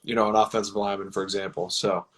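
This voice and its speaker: A man, a football team's personnel director, answering interview questions in a measured, explanatory way. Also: fairly low pitch, level tone, low-quality recording. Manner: measured, explanatory, with many fillers.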